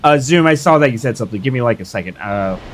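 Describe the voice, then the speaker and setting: A man's voice: mid-range voice, fast talker, slight background noise. A young man streaming a game live, hyping up his fights and chatting casually with viewers. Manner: excitable, hyped shouts while fighting.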